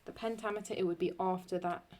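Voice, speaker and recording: A woman teaching Latin poetic meter in a chatty way, thinking aloud and correcting herself, and reading Latin lines slowly and deliberately. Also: on the low side, fairly even intonation, darkish tone. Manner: slow, deliberate Latin recitation. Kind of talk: screen-recorded lesson.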